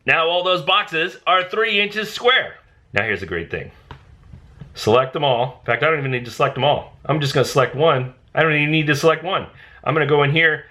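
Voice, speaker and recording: A man hosting a casual software tutorial, thinking aloud and bursting into excitement when things work. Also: on the high side. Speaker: design tutorial host.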